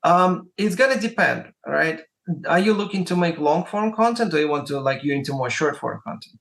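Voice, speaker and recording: A man's voice: a little high, expressive, moderate pace, creaky, fairly bright tone. A man with a Russian accent giving casual advice as a guest, rambling and peppering his talk with "like" and "right?". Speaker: guest, music promoter.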